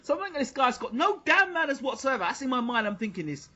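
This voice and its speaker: Animated British man hosting an interview. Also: extremely high pitch, fast, dull audio. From United Kingdom. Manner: animated storyteller, laughs often. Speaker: host. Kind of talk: casual interview chat.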